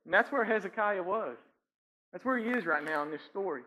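A man preaches in a church, in a conversational style, checking in with "right?" and chuckling between points. His voice sits a little high for a man. The recording sounds dull and lo-fi. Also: lively intonation, a little fast, fairly bright tone. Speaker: pastor. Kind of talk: sermon. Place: church sanctuary.

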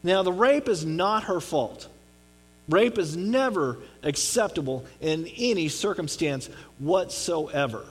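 A man's voice: high voice, animated, slow pace, breathy edge. A man giving a conversational sermon on a Bible passage in an earnest way, often checking in with his listeners. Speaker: pastor.

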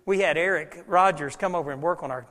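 A male pastor delivering a sermon in a fairly high voice, animated in his storytelling and dropping from loud stretches to near hushes. His voice carries a long reverb from the church sanctuary. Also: quick pace.

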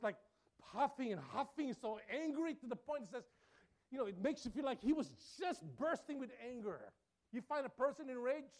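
A man's voice: very high voice, a little mellow. A man preaching a sermon, emphatic and repetitive, with his volume rising and falling.

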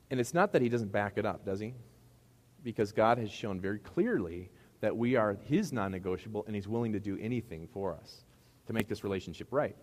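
A man's voice: on the low side, a little mellow. A man with a Midwestern accent preaching a sermon to a congregation in a middle school hall, talking conversationally and asking them rhetorical questions. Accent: Midwestern American. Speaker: pastor.

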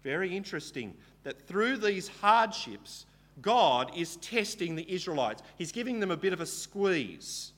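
A man's voice: high-pitched, big pitch swings, unhurried, a bit bright. A man preaching a Bible teaching sermon, retelling the story casually and asking rhetorical questions.

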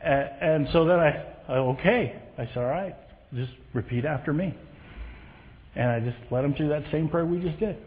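A man preaching a sermon, telling a story with lively acted quotes. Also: a little high, normal speed. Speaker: pastor. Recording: echoey hall sound over a tinny thin line.

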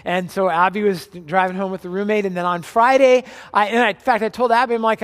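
A man in his forties preaches to his congregation in a relaxed, conversational way, slipping jokes into his stories. His voice sits high for a man. The sound carries the long reverb of a large hall. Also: brisk, hardly any pauses. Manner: conversational, joking storyteller. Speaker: pastor. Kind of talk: sermon.

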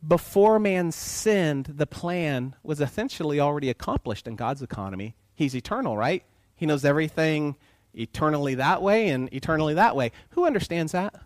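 A man preaching with a lively, swooping voice that sits a little higher than most men's. He keeps asking the congregation questions and slips into little acted voices for the people in his stories. The sound is close and dry, with almost no room around it. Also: no room sound. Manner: animated, asks the congregation questions, acts out voices in quotes. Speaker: pastor. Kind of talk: sermon.

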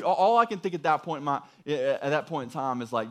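A man's voice: on the high side, very animated, fairly quick, hardly any pauses. A young adult man preaching a sermon by telling a personal story in a casual way, full of asides and rhetorical questions. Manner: casual storytelling, lots of "dude" and "right?". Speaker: pastor.

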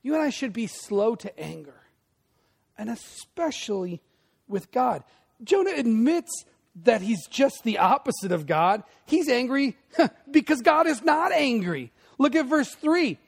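A man preaching a sermon with a lively, swooping delivery. His voice is fairly high for a man, with a gravelly edge. He moves between loud bursts and hushed emphasis and keeps throwing conversational asides to the congregation. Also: unhurried. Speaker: pastor.

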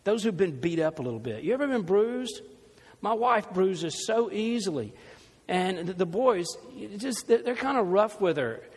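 A pastor delivers a sermon in a chatty, easygoing way, slipping into funny asides. His voice sits high for a man and has a husky edge. The sound carries a long reverb, as in a large church sanctuary. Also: lively intonation, moderate pace, a little mellow. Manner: conversational preaching with humor and asides.

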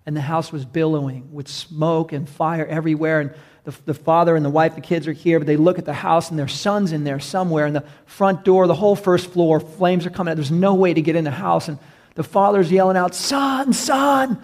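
Pastor, man, gravelly and a bit high, earnest sermon delivery with repetition. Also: steady tone, a little fast, a little mellow. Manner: earnest, building emphasis with repeated phrases.

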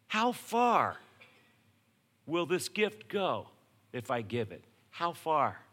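Lively, bright-voiced male preacher. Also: medium pitch. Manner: animated, swinging from hushed to shouted; casual, conversational preaching. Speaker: pastor. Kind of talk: sermon.

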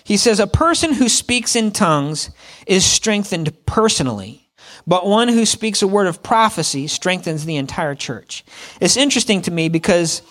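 Lively, playful preacher man. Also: on the high side. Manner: lively, playful, asks the crowd questions. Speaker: pastor. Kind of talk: sermon.

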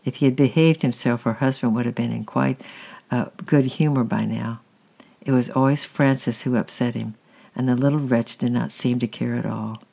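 A man narrating a storybook with a calm, steady reading. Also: mid-range voice, vocal fry.

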